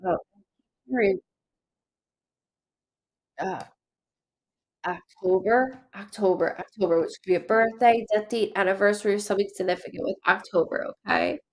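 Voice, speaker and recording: A woman hosting a live psychic reading stream, halting and stuffed up from crying, calling out names and letters to viewers. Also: medium pitch, a little mellow. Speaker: psychic medium host.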